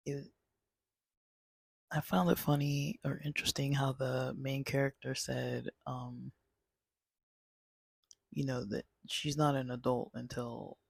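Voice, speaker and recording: Rambling gravelly-voiced man. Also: mid-range voice, dry recording. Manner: rambling, lots of fillers and restarts. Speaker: channel host. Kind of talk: casual movie review talk.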